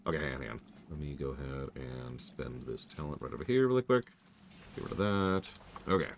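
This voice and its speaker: A man's voice: very deep voice, a little fast, gravelly, slight background noise. A man streaming a game, chatting casually and repeating himself while he multitasks. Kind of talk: live game stream commentary.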